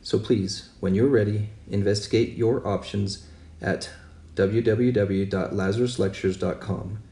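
A man, a marriage therapist, giving a measured, earnest podcast introduction. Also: fairly low pitch, steady tone, vocal fry, dark tone. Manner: measured, earnest, spells things out slowly. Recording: roomy distant mic with faint background noise.

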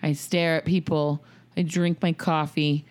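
A woman's voice: sits low, measured pace. A woman in her thirties chatting casually as a podcast co-host, telling family stories and acting out what people said. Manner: animated storyteller who acts out quoted voices. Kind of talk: casual chat.

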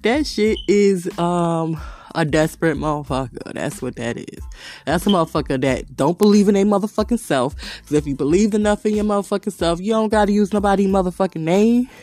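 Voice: mid-range voice, brisk, a little mellow. Profane, laughing podcast host. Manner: profane, rambling storytelling; laughs often while telling stories. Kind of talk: casual monologue.

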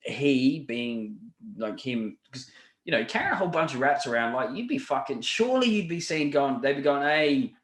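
A man's voice: medium pitch, sing-song, normal speed. Rambling man in an echoey room. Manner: rambling, swears a lot, many fillers and restarts. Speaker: podcast co-host. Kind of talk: casual podcast chat. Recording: roomy echo.

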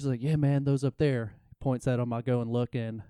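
A man's voice: mid-range voice, steady tone, fast talker, dark tone, clear, resonant tone, no echo, clean studio sound. A man co-hosting a casual talk show, telling a long story in a rambling, self-interrupting way. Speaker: podcast co-host.

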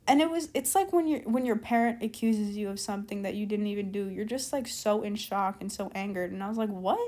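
A woman of middling pitch tells a personal story straight to the camera. She talks in a loose, chatty way, filling her sentences with "like" and side notes. Now and then she stops short, backtracks and picks the thread back up. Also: brisk, dark tone. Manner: chatty, lots of "like" and "keep in mind" asides; rambling, loses her train of thought and backtracks. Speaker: storytime vlogger. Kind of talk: casual storytelling.

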